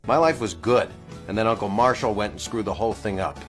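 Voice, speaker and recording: An actor narrating a sitcom in a wry storytelling tone. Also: male voice, on the low side, brisk, faint music behind, natural voice. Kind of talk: scripted narration.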